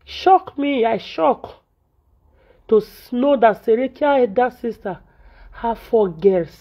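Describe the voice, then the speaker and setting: Nigerian woman vlogger, fairly high voice, indignant and scolding, dull lo-fi sound. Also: animated, takes it slowly. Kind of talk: venting in Nigerian Pidgin. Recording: dull lo-fi audio.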